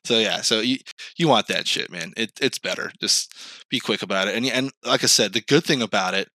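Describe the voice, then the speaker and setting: A young man hosting a podcast in casual chat, telling animated stories, swearing freely and acting out quoted voices in a higher pitch. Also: fairly quick, no echo. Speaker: podcast host.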